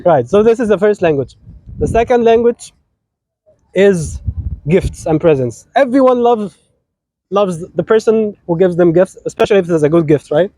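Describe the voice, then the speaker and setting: A man with an Egyptian accent gives an informal, joking wedding sermon. His voice sits high for a man and has a dark, mellow tone. The sound is dry, with no room echo, and he keeps checking in with "right?". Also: expressive, normal speed. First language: Arabic. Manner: chatty, teasing, keeps asking "right?". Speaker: officiant giving a wedding talk.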